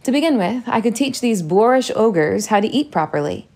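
Spirited young heroine, lively and teasing, slight fry read by a woman. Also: on the high side, normal speed. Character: spirited, witty teenage girl heroine.

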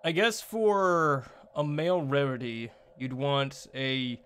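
A man's voice: medium pitch, slow pace, few pauses, fairly bright tone, smooth. A man streaming a game, reading its text aloud and answering viewer chat in a rambling way with many fillers and restarts. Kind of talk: casual live-stream chat while playing.

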